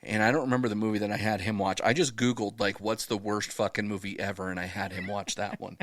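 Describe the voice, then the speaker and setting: Profane, animated male podcast host. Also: on the low side, fast, dry recording. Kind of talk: casual podcast banter.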